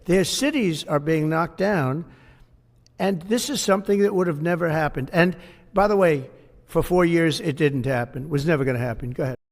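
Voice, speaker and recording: An older man speaks bluntly and repeats himself, off the cuff, his voice sitting a little high for a man. The clip carries a long reverb tail, as if recorded in a large room. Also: moderate pace. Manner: blunt and repetitive. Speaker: politician at a press event. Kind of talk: off-the-cuff public remarks.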